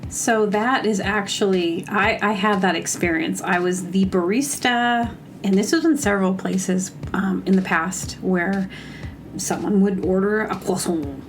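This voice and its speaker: A woman's voice: medium pitch, a little slow, a little hiss or hum. A woman hosting a comedy show, ranting in a rambling, exasperated casual monologue that stops and corrects itself.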